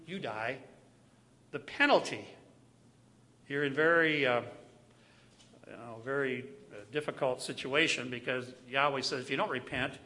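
A man delivers a sermon with a lively, up-and-down pitch that climbs high on his key lines. His voice is bright and fairly high for a man. He leans hard on repeated phrases and drops to near-quiet asides between louder declarations. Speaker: preacher.

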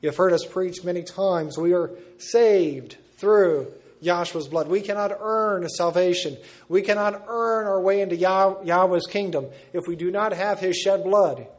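Man, preacher, high voice, measured emphatic sermon delivery.

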